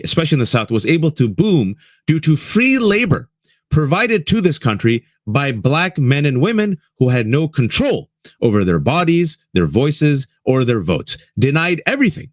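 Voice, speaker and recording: A man with a medium-pitched voice hosts a political commentary show, speaking with passion and repeatedly calling his listeners "folks." The studio-quality recording has no echo.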